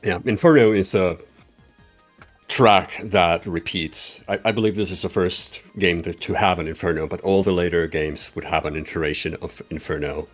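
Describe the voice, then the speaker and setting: A man with a very deep, low voice chats casually as a guest on a gaming stream. He speaks hesitantly and modestly, stammering and restarting his sentences. Faint music sits underneath. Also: fairly even intonation, moderate pace. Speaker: racer and guest. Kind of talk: casual chat.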